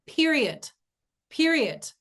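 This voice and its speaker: A woman's voice: high-pitched, big pitch swings, slow pace, fairly bright tone. A woman spiritual teacher giving an earnest, emphatic inspirational monologue, often repeating key phrases for weight.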